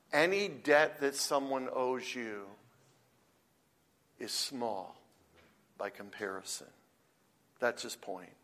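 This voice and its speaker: Slow, emphatic male preacher. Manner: emphatic, swings from loud stress to hushed low endings. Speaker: pastor. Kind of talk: sermon.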